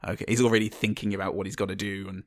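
A man co-hosting a podcast, casually chatting about a film in a halting way with restarts and casual swearing. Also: fairly low pitch, little pitch movement, no echo, clean studio sound. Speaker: podcast co-host. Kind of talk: casual film review chat.

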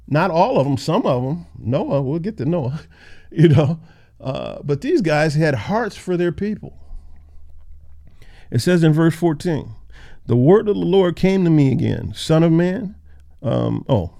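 A man with a mellow, warm voice, pitched a little higher than most men, leads a casual Bible study. He reads scripture aloud, then talks it through in loose, everyday words with fillers. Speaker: Bible teacher.

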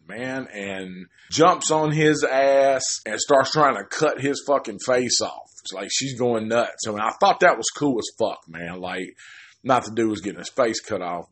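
Rambling, foul-mouthed man recapping a film. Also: mid-range voice. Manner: rambling, swears heavily, restarts often; acts out characters' lines in quick quoted asides. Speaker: film reviewer. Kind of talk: casual profane film recap.

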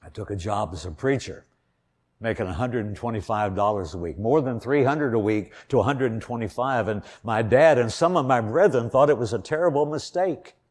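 An older man from Indiana preaching an earnest sermon, telling a personal story and swelling louder on key points. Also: mid-range voice, fairly quick.

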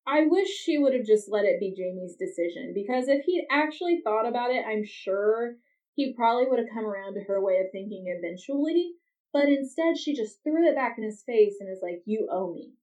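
A woman's voice: a little high, expressive, brisk, darkish tone. A woman hosting a podcast, recapping a TV episode in casual chat with chatty, exasperated asides. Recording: dull, slightly distant lo-fi recording.

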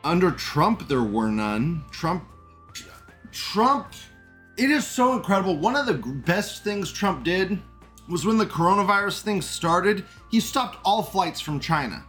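A man with a slightly high voice hosts a casual live stream, reading out chat messages and riffing on them. He rambles and gets indignant, swears freely and breaks into laughs, with faint music under his talk. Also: sing-song, a little slow, fairly bright tone.

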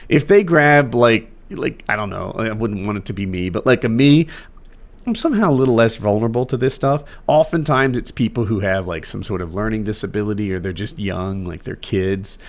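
A man co-hosting a casual podcast chat, rambling and halting with frequent laughs. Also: medium pitch.

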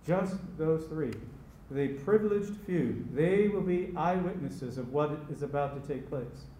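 Slow-preaching man, echoey church. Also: a little high, warm tone, slight background noise. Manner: slow, emphatic preaching with repeated phrases. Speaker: pastor. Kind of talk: sermon. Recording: echoey room with faint ambience.

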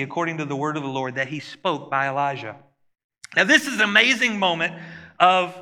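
A man's voice: high voice, sharp tone, in a large hall. A man preaching a sermon to a congregation in a conversational style, often putting questions to them. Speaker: pastor.

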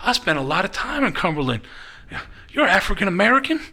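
A man imitating a brash, rowdy male wrestler who taunts a young waiter loudly while telling a story. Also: high-pitched, sing-song, a little fast, pitched above the performer's own voice, full character voice. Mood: taunting.

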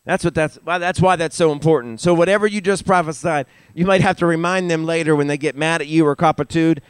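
An older man preaching a sermon in church, growing loud and animated as he builds to emphasis. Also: fast talker, smooth, no echo. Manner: animated, rising in pitch and volume for emphasis. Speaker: pastor. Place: church sanctuary.

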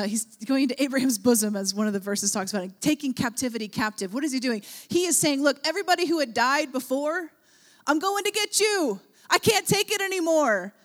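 A woman preaching a sermon in an earnest, emphatic way, often checking in with rhetorical questions. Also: on the high side. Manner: earnest, emphatic, with frequent rhetorical "right?" asides.

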